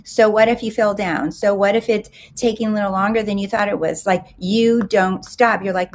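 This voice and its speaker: A woman's voice: mid-range voice, steady tone, normal speed, few pauses. A woman giving an emphatic coaching talk, often asking rhetorical questions and acting out inner self-talk. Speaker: success coach.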